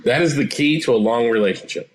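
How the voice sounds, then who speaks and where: A man in his forties, a therapist guest, explaining things in a calm, assured way. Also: medium pitch, fast talker. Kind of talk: interview answers.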